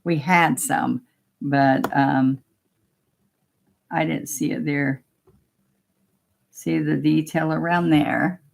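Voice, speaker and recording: A woman's voice: sits low, steady tone, very slow, gravelly, pauses often. A woman teaching a painting demo, chatting casually step by step and talking to herself as she works. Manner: chatty, talks to herself while working, gently coaxing. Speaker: painting instructor.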